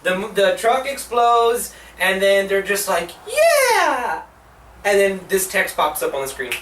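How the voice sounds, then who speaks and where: A man's voice: sits high, normal speed, noisy background. A young man hosting his own show, giving a profane, rambling movie review full of "like" and exasperated outbursts. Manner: profane, rambling, heavy use of "like". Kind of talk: casual ranting movie review. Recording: roomy echo, mic at a distance.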